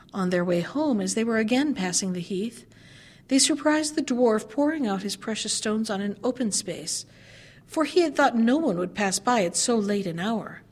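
A woman narrates an old fairy tale at a measured pace, shaping each sentence with care. Her voice sits somewhat high. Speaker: storyteller. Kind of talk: fairy-tale read-aloud.

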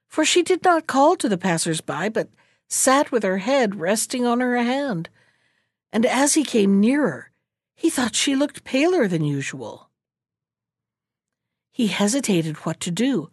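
Expressive woman reading a fairy tale. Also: a little high, no room sound, clean studio sound. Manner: expressive, storytelling. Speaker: reader.

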